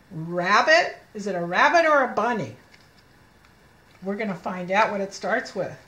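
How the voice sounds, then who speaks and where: A reading teacher with a fairly high voice leads a read-aloud lesson for small children. She takes her time, stretching out letter sounds and praising each word, and her voice rings a little in an echoey room. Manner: sounds out letters slowly, encouraging and animated.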